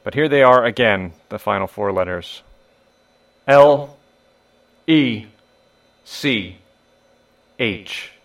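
A man's voice: medium pitch, lively intonation, takes it slowly, pauses often, no room sound. A man hosting a podcast in a wry, irreverent monologue, swearing casually. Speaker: podcast host.

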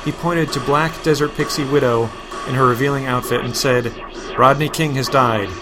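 A man hosting a podcast, reading a parody superhero story in a deadpan way, flatly spelling out web addresses and asides. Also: medium pitch, normal speed, music in the background. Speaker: podcast host.

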